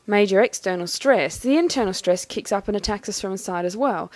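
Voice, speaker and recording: A woman talking through a personal experience in a thoughtful, halting, measured way. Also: mid-range voice, a little mellow, no room sound. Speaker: vlogger. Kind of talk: personal reflective monologue.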